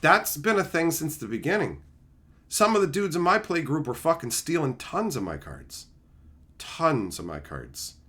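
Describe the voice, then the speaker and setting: Animated, foul-mouthed ranting man. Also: fairly high pitch, normal speed, husky. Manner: profane, heated ranting; answers chat between rants. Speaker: streamer host. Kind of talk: ranting livestream chat.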